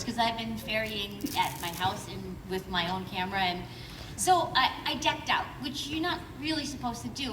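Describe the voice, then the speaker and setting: A woman on a convention panel, an actor telling an animated audition story with frequent laughs. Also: fairly high pitch. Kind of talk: panel anecdote. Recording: roomy hall from far off with noise.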